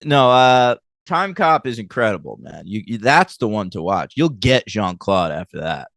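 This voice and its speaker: A man's voice: on the low side, very animated, normal speed, a bit bright, no room sound. A man co-hosting a film podcast, chatting casually and animatedly, swearing and laughing often. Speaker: podcast co-host. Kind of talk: casual chat.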